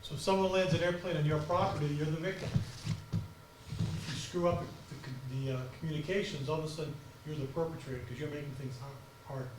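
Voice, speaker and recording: A man giving a conference talk on crisis communications, speaking fast and passionately. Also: on the high side, background noise. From United States. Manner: fast, passionate, animated delivery. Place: auditorium. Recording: echoey auditorium from far off.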